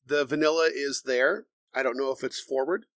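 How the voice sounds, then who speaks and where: Male co-host, medium pitch, steady explanatory delivery, dry close sound; bourbon talk show. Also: dry recording. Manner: measured, explanatory, reads tasting notes aloud. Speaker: podcast co-host. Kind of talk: casual bourbon tasting chat.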